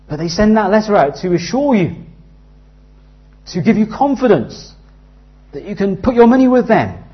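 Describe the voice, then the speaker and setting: A man in his thirties preaching a sermon earnestly, dropping to a hush and rising loud as he tells stories. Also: on the high side, expressive, brisk. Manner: earnest, with big swings from hushed to loud in anecdotes. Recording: slightly dull, lo-fi sound.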